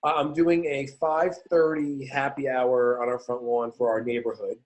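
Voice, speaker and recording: A man's voice: mid-range voice, little pitch movement, normal speed, darkish tone, poor audio. A man co-hosts a casual podcast chat with a mid-range voice. He tells stories in a joking, chatty way. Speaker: podcast co-host.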